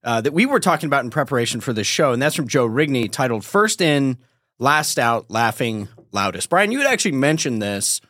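Male podcast host, lively intonation, earnest and direct with the audience, dry close mic. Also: medium pitch, fairly quick, no echo. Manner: addresses listeners directly, earnest. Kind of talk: podcast introduction and discussion.

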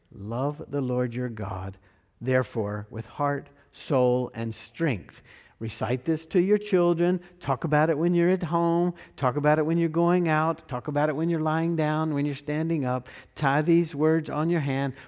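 A man preaching a sermon as pastor, slow and measured, repeating key phrases for emphasis. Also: medium pitch, a little mellow, big-room sound.

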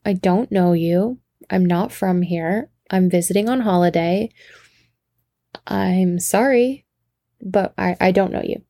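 A woman's voice: fairly low pitch, slow, mellow, dry recording, clean studio sound. A woman doing a fake-British bar patron. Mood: politely insistent. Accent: put-on British. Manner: overly polite, insistent denial. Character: American woman faking a thick British accent.

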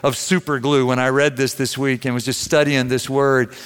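A man preaching a sermon as pastor, earnest, slowing down and stretching key words for emphasis. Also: medium pitch, little pitch movement, a bit bright, clean tone. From Missouri, USA. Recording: long reverb of a large room.

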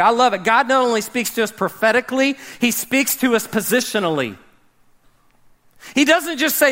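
A man preaching a sermon, animated, swinging between loud emphasis and hushed, dramatic drops. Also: very high voice, brisk. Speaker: pastor.

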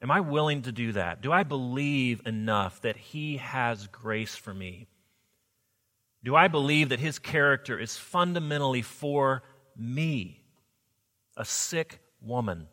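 A man's voice: mid-range voice, expressive, measured pace, bright, forceful tone. A man voicing an anxious, ailing woman who questions herself hesitantly, within his sermon. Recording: long hall reverb.

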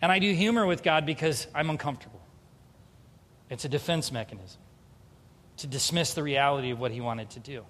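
A man with a fairly high voice preaches a sermon, telling a personal story with humor and candor and acting out the dialogue. His words ring out in a church sanctuary with a long, lingering reverb. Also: fairly quick, pauses often, fairly bright tone. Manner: humorous, confessional, acts out dialogue. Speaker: pastor.

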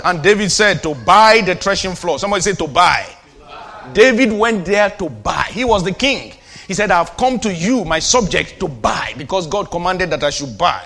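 A man preaching as a pastor, calling to the congregation and dropping from loud declarations to quiet asides. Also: high-pitched, animated, normal speed. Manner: preachy call-and-response, swings from shouting to quiet asides. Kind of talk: sermon.

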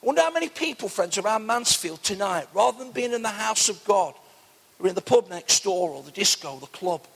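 A man's voice: sits high, expressive, brisk, vocal fry, a bit bright, breathy edge. A man preaching an earnest sermon as pastor, often calling his listeners friends. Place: church hall. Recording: long church reverb.

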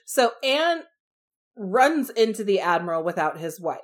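A young woman in casual conversation, retelling scenes from a book and nodding along to her co-host. Her voice sits at an ordinary, middle pitch. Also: sing-song, measured pace. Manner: chatty, affirming, retells scenes. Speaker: podcast co-host.

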